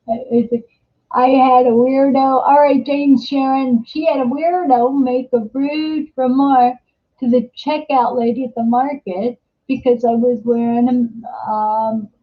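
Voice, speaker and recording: Chatty woman host with dull lo-fi sound. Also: fairly high pitch. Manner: animated storyteller, laughs often, repeats words and stammers. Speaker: host of a live interactive show. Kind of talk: casual live-stream chat, reading viewer comments. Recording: dull lo-fi stream audio.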